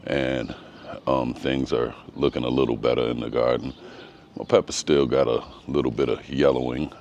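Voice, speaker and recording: A man's voice: very deep voice, flat delivery, normal speed, darkish tone, dull audio, a little hiss or hum. A man giving a casual vlog walk-through of his home garden outdoors, talking in a hesitant, rambling way with frequent ums. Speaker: gardening vlogger.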